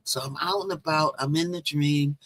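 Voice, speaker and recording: A woman's voice: sits low, moderate pace. A woman hosting her own livestream, telling a long dream story in a rambling, chatty way and greeting viewers as she goes. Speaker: livestream host. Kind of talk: casual live-stream storytelling. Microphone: phone or laptop with Bluetooth.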